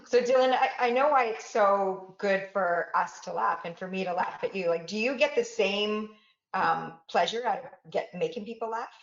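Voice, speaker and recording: A woman hosting a casual interview, brisk and quick to laugh, with a mid-range voice. Her video call audio sounds roomy and echoey, and it is dull and lo-fi. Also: medium pitch. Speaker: interview host.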